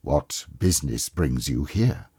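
A man's voice: extremely low pitch, lively intonation, measured pace, dark tone, slightly rough, no room sound, clean studio sound, pitched below the performer's own voice, full character voice. A man voicing an old miserly man who is startled and anxious, speaking in an urgent, questioning, pleading way.

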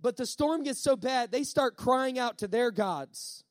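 A male pastor preaching a sermon, emphatic, repeating key lines and slowing down on words for effect. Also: very high-pitched, animated, no room sound.

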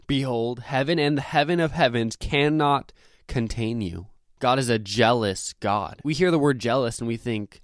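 A man's voice: medium pitch, no echo. Earnest man preaching in a dry room. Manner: earnest, emphatic preaching with frequent scripture quotes. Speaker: podcast host. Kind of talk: devotional podcast teaching.

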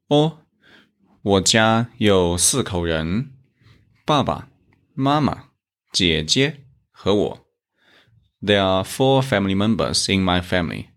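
Slow, deliberate man teaching lessons. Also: low-pitched, lively intonation, fairly bright tone. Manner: deliberate, models tones clearly. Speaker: Chinese language teacher. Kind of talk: slow instructional explanation.

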